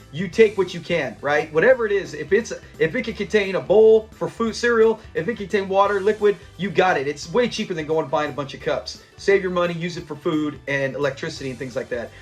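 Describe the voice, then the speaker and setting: A man with a high voice talks through a sitcom episode in a casual, animated recap. He laughs often and jumps into the characters' lines as he retells each scene, with faint music underneath. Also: a little fast. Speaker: YouTube episode reviewer.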